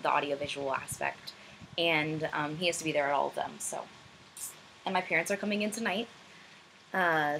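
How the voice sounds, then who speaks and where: A woman's voice: on the low side, fairly bright tone, slight background noise, poor audio. Hesitant young woman vlogging. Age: young adult. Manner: rambling, self-deprecating, hesitant with many ums. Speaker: vlogger answering viewer questions. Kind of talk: casual chat. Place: room at home, backlit.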